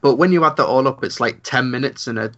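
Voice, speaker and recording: A man's voice: mid-range voice, fast, a bit bright, lo-fi sound. A man co-hosting a casual movie review podcast, making dry, wry remarks. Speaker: podcast co-host.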